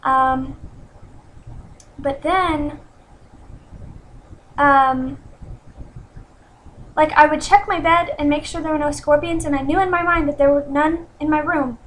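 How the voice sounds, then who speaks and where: A woman in her twenties telling a personal story in an earnest, self-critical way, with many pauses and restarts. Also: sits high, steady tone, fairly bright tone, poor audio. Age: 20s. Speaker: vlogger. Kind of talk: personal confessional vlog.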